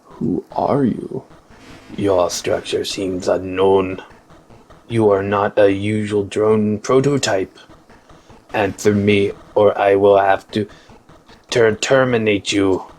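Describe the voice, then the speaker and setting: A stern robot overseer, put on by a man reading game text aloud, speaks in a low, flat, mechanical voice. Every word comes out slow and deliberate. The tone stays cold and commanding throughout. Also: slight background noise, low-quality recording.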